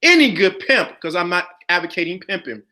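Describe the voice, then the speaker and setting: A man's voice: high-pitched, big pitch swings, fairly quick, bright, forceful tone. A middle-aged man hosting a casual chat, speaking emphatically and repeating his key points. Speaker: podcast host.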